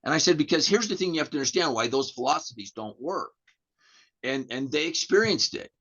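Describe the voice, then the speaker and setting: As a guest on a podcast, an American real estate agent spins a long, rambling story full of restarts, voicing the dialogue himself. His voice is a little high, a bit bright and breathy, with lively intonation and a fairly quick pace, captured in dull lo-fi audio.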